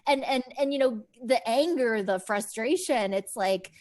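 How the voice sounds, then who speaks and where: A woman's voice: on the high side, a little slow, darkish tone. A woman psychologist, a guest on a podcast, talking in an earnest, enthusiastic way and often repeating words as she starts a thought. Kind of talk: conversational interview.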